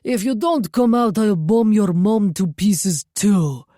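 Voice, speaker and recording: A woman voicing a menacing male gangster with a Russian accent, shouting threats. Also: medium pitch, animated, takes it slowly, no echo, clean studio sound. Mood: threatening.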